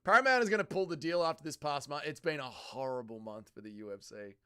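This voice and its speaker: A man's voice: on the high side, lively intonation, fast, bright, forceful tone, clean tone. A man with an Australian accent hosting a livestream, swearing and bantering as he mocks his chat. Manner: profane, bantering, mocking. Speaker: livestream host. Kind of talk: casual livestream chat, reading viewer comments.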